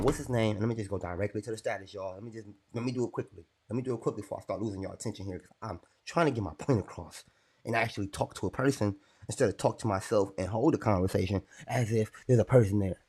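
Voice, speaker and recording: A man's voice: on the low side, fast, darkish tone, breathy edge. A young man on a casual livestream, rambling and irritated as he talks to his chat. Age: young adult.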